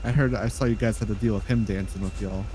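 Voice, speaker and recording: A man's voice: on the low side, steady tone, quick pace, a little hiss or hum, poor audio. Casual man in game voice chat. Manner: friendly, then exasperated and yelling.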